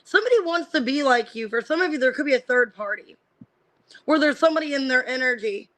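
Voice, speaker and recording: A woman giving a casual live-streamed tarot reading. She names the cards one by one and thinks out loud as she reads them, with lots of fillers. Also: high voice, lively intonation, fast talker, low-quality recording. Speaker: tarot reader.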